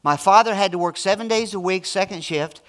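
A middle-aged man preaching a sermon as pastor, emphatic, swinging between loud declarations and hushed, intimate asides. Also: sits high, a little fast.

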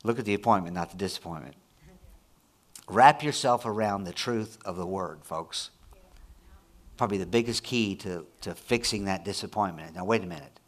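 A man preaching a sermon, moving between quiet, low passages and loud, high-pitched, excited prayer. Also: normal speed. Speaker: pastor.

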